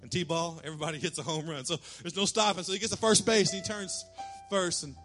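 A male pastor preaching a sermon in church, telling a lively story and calling out cheers in a raised voice. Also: fairly high pitch, fast, faint music behind. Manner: animated storytelling, shouting quoted cheers.

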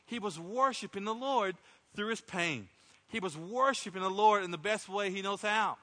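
A man's voice: high voice, normal speed, bright, forceful tone. A middle-aged man preaching a sermon as pastor, impassioned, acting out prayers in a raised voice. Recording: long hall reverb.

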